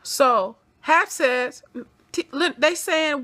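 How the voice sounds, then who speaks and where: A woman giving an animated recap of a TV episode, acting out the characters' lines in quoted voices as she goes. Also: mid-range voice, moderate pace. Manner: acts out scenes in quoted voices. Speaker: TV episode reviewer.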